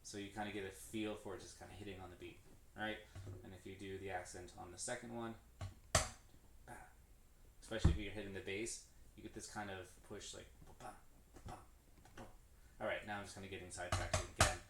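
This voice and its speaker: A man's voice: sits low, little pitch movement, fairly quick, pauses often. Rambling drummer man, echoey room. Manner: rambling, self-correcting, counts stickings aloud. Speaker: drummer streaming his practice. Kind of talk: casual practice-stream explanation. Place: room with a drum kit. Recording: echoey room, distant mic, clear background noise.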